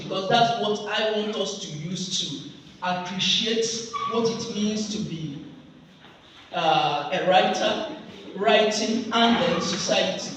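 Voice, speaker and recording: A man with a Nigerian accent, lecturing students and coaxing them with frequent "okay?" checks. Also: sits high. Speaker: guest lecturer. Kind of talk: classroom lecture. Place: large echoey hall. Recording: echoey hall, mic far off, noisy.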